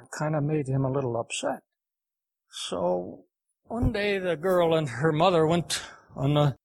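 High-voiced folksy preacher telling a story. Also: male voice. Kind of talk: sermon with storytelling.

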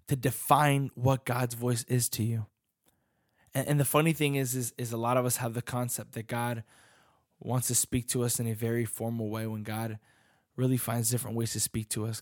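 A young man serving as youth pastor and worship leader delivers an earnest sermon in a medium-pitched voice, often restarting sentences while searching for words. The audio is clean studio sound with no room echo.

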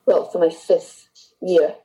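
A woman's voice: on the low side, steady tone, slow pace, dark tone, rough recording. A middle-aged woman telling a personal story to a host in candid, heartfelt speech that halts and restarts now and then. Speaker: guest.

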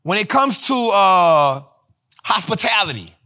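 Host type: high-pitched man, punchy, slangy, hyped finance commentary. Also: unhurried. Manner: animated, repeats lines for emphasis, slangy. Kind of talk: energetic casual commentary.

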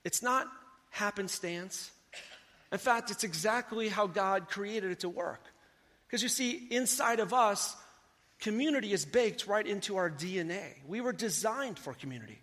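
A man's voice: sits high, expressive, normal speed, fairly bright tone, big-room sound. A man preaching a sermon in a conversational, storytelling way, talking directly to his congregation. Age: adult. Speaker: pastor.

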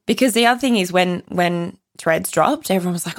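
A woman's voice: lowish voice, a little fast, no echo, clean studio sound. A woman hosting a solo podcast, blunt and opinionated, swearing freely as she talks. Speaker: podcast host.

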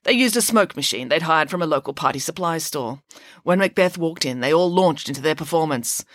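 A woman's voice: low voice, expressive, brisk, no room sound, clean studio sound, pitched below the performer's own voice. A woman voicing a confident female pig nanny who speaks emphatically. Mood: emphatic. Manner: emphatic and self-assured.

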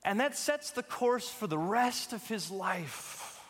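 A man with a high voice preaches a sermon as pastor, piling up repeated phrases for emphasis. His voice rings with the long reverb of a church hall. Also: animated, slow pace, a bit bright, husky.

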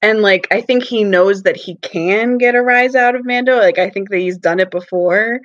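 A woman's voice: mid-range voice, moderate pace, no echo. A woman chats eagerly on a podcast, laughing often and filling her sentences with "like". Her voice sounds dry and close. The recording is a little muffled and lo-fi. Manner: enthusiastic, laughs a lot, uses many "like"s. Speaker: podcast co-host. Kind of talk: casual chat.

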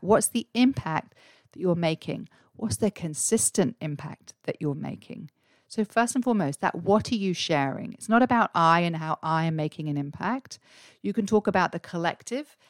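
A woman hosting a solo podcast in an earnest coaching manner, leaning on rhetorical questions. Her voice sits a little low. The sound is dry, with no room echo. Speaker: podcast host and career coach. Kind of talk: solo podcast advice talk.

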